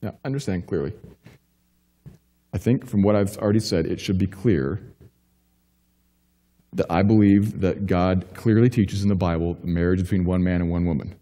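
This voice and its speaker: A man's voice: steady tone, moderate pace, long pauses. Man preaching a sermon in a reverberant church. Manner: emphatic preaching, swinging from urgent high-pitched questions to low quiet assurance. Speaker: pastor. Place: church sanctuary.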